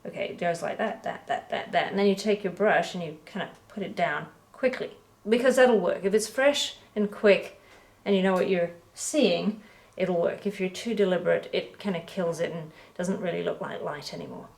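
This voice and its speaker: A woman giving a relaxed, chatty painting critique as an art teacher, correcting herself as she goes. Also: on the low side, normal speed, gravelly, few pauses. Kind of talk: painting critique, talking while pointing. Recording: echoey room.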